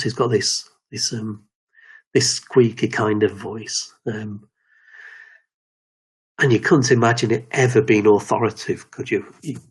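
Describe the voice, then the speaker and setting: A man giving a slow, measured self-help talk on quieting the inner critic, often restarting his sentences. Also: on the low side, breathy edge. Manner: measured, repetitive, with frequent restarts. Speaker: confidence coach.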